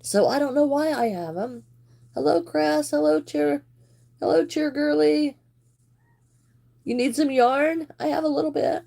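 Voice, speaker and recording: A woman's voice: sits high, a little slow, vocal fry, long pauses, mellow. A woman hosting a live crochet stream, chatting casually and greeting viewers by name while she works, laughing now and then. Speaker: crochet livestream host.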